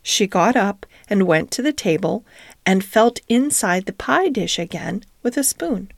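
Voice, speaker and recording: A woman narrating a children's storybook in a gentle, expressive reading. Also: mid-range voice, measured pace, creaky, dry recording, studio quality.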